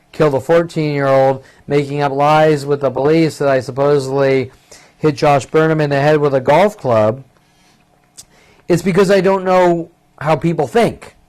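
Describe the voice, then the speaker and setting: A man's voice: on the high side, smooth. Agitated, profane man in his fifties. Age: 50s. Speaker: vlogger. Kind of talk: rambling monologue.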